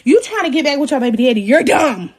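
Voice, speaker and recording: A young woman in her twenties tells her viewers a story in a casual, profane and self-mocking way. Her voice sits high and leaps all over the place as she acts out the people in the story. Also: very animated, fast. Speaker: vlogger.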